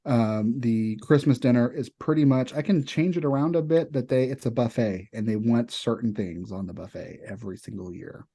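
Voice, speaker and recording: At normal speed and with hardly any pauses, this young man from Kentucky speaks in a mellow, mid-range voice. As a chef and podcast co-host, he tells rambling, filler-laden stories about cooking in casual chat.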